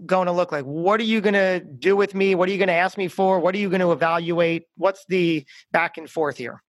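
A man's voice: high voice, fairly even intonation, fairly quick, no echo. A man hosting a podcast, asking his guest strings of questions and adding short encouraging replies. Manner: brief encouraging interjections, stacked questions. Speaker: podcast host. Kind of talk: interviewing.

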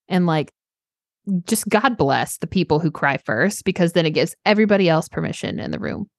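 A woman co-hosting a coaching podcast, talking in an earnest, animated way and acting out little quotes. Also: on the low side, brisk, no room sound, clean studio sound. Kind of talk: casual podcast conversation.

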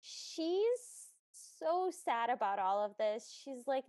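A woman's voice: sits high, very animated, takes it slowly, hardly any pauses, a little mellow, no echo. A woman co-hosting a podcast, chatting casually as she retells a film's scenes with dry asides. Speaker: podcast co-host. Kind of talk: casual chat recapping a film.

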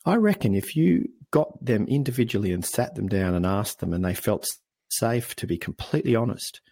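An Australian man speaking as a podcast guest, telling stories in an earnest, animated way. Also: on the low side, fairly quick, vocal fry, husky. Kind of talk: conversational interview.

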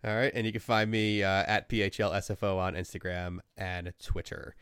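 A man with a very low voice hosts a casual podcast, chatting in a loose, easygoing way with plenty of ums and restarts. The sound is dry and close, with no room around it. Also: fairly even intonation, normal speed, fairly bright tone, smooth, no room sound. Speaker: podcast host.

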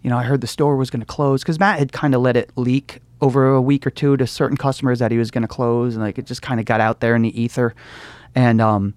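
A young man tells his stories in a relaxed, chatty way, slipping into other people's voices as he quotes them and laughing along as he goes. The voice sits at an ordinary pitch for a man. The recording is dry and close, with no room sound. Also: fast talker, no echo. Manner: chatty storyteller, acts out quotes, laughs often. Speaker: comic book store owner. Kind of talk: casual interview conversation.

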